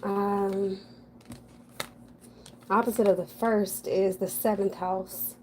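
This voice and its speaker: A woman's voice: mid-range voice, flat delivery, takes it slowly, warm tone. A woman doing a casual tarot reading in an ordinary middle voice. She talks frankly and chattily, thinking aloud as she goes. A faint noise sits under the recording. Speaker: tarot reader.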